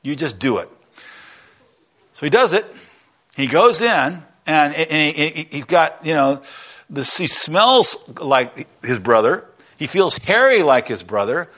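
A man preaching a sermon in a church, retelling a story in an animated way and acting out its characters. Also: a little high, unhurried. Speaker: pastor.

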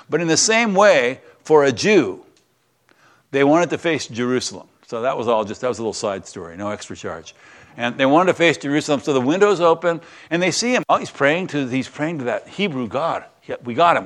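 Man preaching in a chatty storytelling way. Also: mid-range voice. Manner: conversational storytelling with asides. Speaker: pastor. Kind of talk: sermon.

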